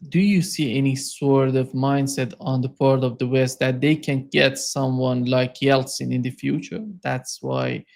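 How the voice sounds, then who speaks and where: A man hosting an interview who asks questions in a measured, halting way. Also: mid-range voice, little pitch movement, vocal fry, darkish tone. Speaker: interview host.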